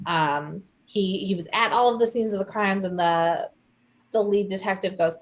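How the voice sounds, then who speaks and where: A young woman co-hosting a casual chat, telling a story with animated quoted voices. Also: medium pitch, moderate pace. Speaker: podcast co-host.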